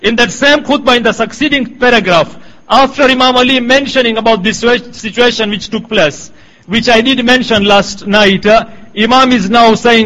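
A middle-aged man with a very high voice delivers a sermon. He speaks in a measured, emphatic way and quotes Arabic passages. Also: steady tone, a bit bright, low-quality recording. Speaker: preacher.

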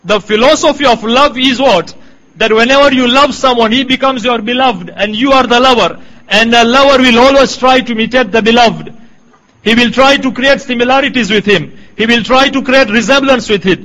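A middle-aged man with a very high voice delivers a sermon. He speaks in a measured, emphatic way and quotes Arabic passages. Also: sharp tone, poor audio. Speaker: preacher.

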